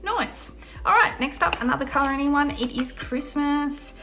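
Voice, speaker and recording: Australian woman, young adult, Australian accent; crisp bright delivery, chatty and upbeat vlog host. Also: high voice, normal speed, faint music behind. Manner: chatty and upbeat, counting cash aloud. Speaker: budgeting vlogger. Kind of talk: casual vlog narration.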